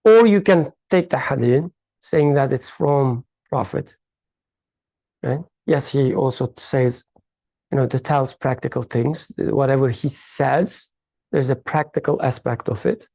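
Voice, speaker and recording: Brief: mellow, unhurried voice for a study-circle talk; halting delivery, thinks aloud, uneven grammar. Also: medium pitch, vocal fry, no echo. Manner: uneven non-standard English grammar. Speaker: study circle participant explaining a hadith. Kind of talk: reflective discussion in a faith study circle.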